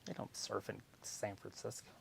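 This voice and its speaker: A man's voice: fairly low pitch, flat delivery, moderate pace, creaky, a bit bright. A man co-hosting a livestream, talking casually, rambling and swearing now and then. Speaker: co-host.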